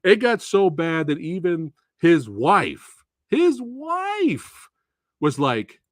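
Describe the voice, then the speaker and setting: A man hosting a live stream, talking about a film in an animated, profane way with frequent laughs. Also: high-pitched, very slow, no room sound, studio quality. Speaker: movie reviewer and host. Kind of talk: casual live-stream movie talk.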